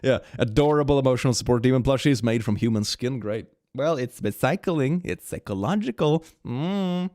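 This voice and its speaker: Animated young man chatting on stream. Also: mid-range voice, brisk, few pauses, no room sound, clean studio sound. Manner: animated, giggly, swings from hushed to excited. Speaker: streamer reading fan memes. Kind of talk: casual livestream chat.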